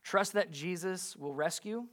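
Male pastor, high-pitched voice, emphatic sermon delivery, asks the congregation questions. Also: a little slow, a bit bright.

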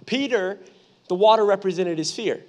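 High-voiced young man preaching with humor. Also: normal speed. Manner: animated, humorous, conversational preaching. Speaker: pastor. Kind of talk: sermon with personal storytelling.

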